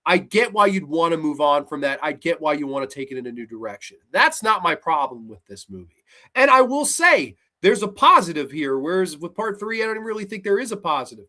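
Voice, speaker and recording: A man's voice: fairly high pitch, big pitch swings, a little fast, bright, forceful tone. A man reviewing a horror film in a heated, exasperated rant full of profanity.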